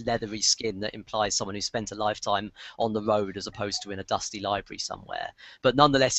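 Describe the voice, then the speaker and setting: A man narrating as game master of a tabletop game, rambling with many pauses and restarts. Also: on the low side, a bit bright, dry recording.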